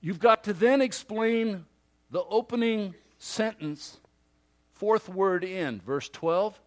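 A man preaching a sermon in a fairly high voice at an unhurried, deliberate pace. He moves between loud, pressing emphasis and quiet, hushed asides, often voicing imagined listeners. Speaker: pastor.

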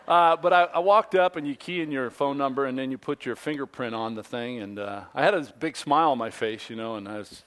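A man in his fifties, a pastor, giving a conversational sermon, telling a story in a relaxed way with many ums and light jokes. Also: medium pitch, a little fast, few pauses.

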